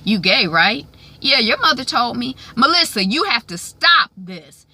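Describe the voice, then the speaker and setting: Lady doing a nagging bossy mom, high and shrill, real sharp. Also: big pitch swings, unhurried, slightly rough, heavily acted. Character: pushy middle-aged woman, a domineering mother.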